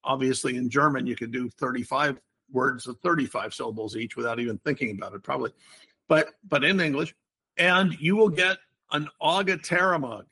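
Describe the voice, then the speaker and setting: A man's voice: mid-range voice, fairly quick, pushed and bright, breathy edge. An older man hosting a casual podcast chat, explaining word games in a playful, wordy way. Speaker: podcast host.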